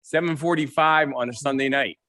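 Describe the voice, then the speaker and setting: Bright-voiced man with dry quips. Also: medium pitch, moderate pace, no echo. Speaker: podcast co-host. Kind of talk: casual chat.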